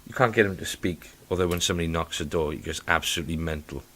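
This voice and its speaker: A man in his thirties with a low voice, co-hosting a casual chat podcast. He rambles and jokes, and now and then slips into silly voices. His delivery is loose and unscripted. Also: fast, a bit bright. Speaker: podcast co-host.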